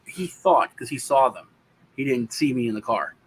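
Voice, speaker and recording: There's a breathy edge to this male co-host's mid-range voice as he speaks at normal speed. He casually tells a long personal anecdote, swearing here and there and animatedly voicing the people in it.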